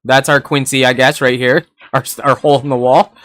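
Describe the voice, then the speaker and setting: A man's voice: mid-range voice, level tone, a little fast, fairly bright tone, no room sound, studio quality. A young man reviewing an anime episode in a rambling, casual way, laughing often and swearing now and then.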